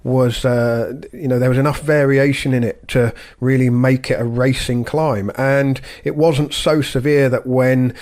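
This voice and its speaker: A man's voice: medium pitch, darkish tone. A man co-hosting a sports podcast, talking through his thoughts in a rambling, unscripted way. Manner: rambling, many fillers and restarts, thinking aloud. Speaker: podcast co-host. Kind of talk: casual podcast chat.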